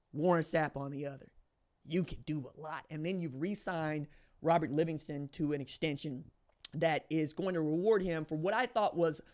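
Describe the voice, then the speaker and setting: A man hosting a solo sports podcast, talking in a slangy, animated way with sudden excited bursts. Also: a little high. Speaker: podcast host.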